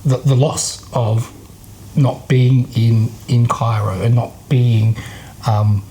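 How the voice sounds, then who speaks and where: A man's voice: medium pitch, steady tone, slow pace, mellow, a little hiss or hum, low-quality recording. An Australian man answering interview questions candidly and with some self-deprecation. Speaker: returned missionary, ministry worker.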